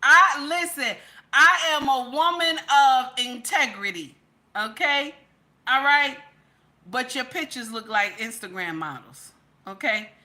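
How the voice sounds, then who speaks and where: High-pitched and animated, this woman talks to her audience at a measured pace in a bright, forceful tone. Her casual, emphatic commentary is full of "okay?", and she calls viewers "baby" and "y'all."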